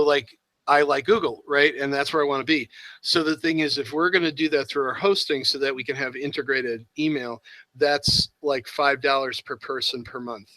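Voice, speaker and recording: A man's voice: mid-range voice, pushed and bright, no echo, low-quality recording. A man hosting a casual chat, thinking aloud with hesitant, self-deprecating asides. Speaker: host.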